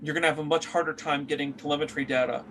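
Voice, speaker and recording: A man's voice: on the high side, steady tone, very fast, fairly bright tone, slight background noise. A man narrating as game master for a tabletop game, rambling with many fillers as he searches for words.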